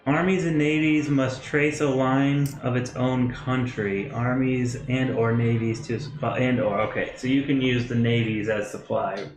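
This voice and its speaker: A man's voice: mid-range voice, fairly even intonation, measured pace, hardly any pauses. A man co-hosting a live board game stream, chatting casually and reading rules aloud with a playful, grumbling manner. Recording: roomy echo with music behind. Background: music.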